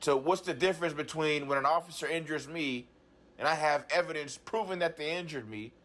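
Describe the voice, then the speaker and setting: A man telling his troubles in a therapy session, halting and repeating himself as he restarts his sentences. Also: a little high, a bit bright. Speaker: client in a talk therapy session. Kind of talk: agitated personal account.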